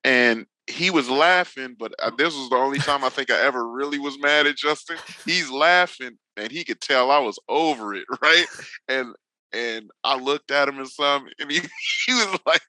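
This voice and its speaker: Medium-pitched and moderately paced with a sharp tone, the man's voice comes through a dry, rough recording. He's a drifting veteran in his forties from Northern California, a podcast guest casually chatting, swearing freely, using slang and acting out quotes as he tells stories.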